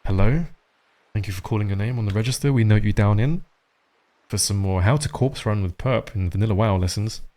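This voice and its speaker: A man with a somewhat low voice talking through a live game stream. He rambles casually, swears often and chats to viewers as he plays. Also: a little fast, dark tone.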